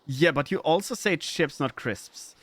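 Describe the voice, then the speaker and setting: A man's voice: a little high, animated, a little slow, a bit bright, no echo. A man from Germany with a German accent, chatting casually with his live-stream audience, playful and swearing freely as he riffs on chat messages.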